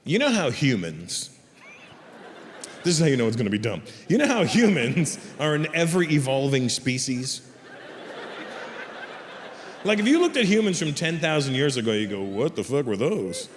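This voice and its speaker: A man doing stand-up comedy, telling stories in a brash, profane, animated way before a live audience. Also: fairly high pitch, moderate pace, long pauses, slight background noise. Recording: reverberant live stage with crowd.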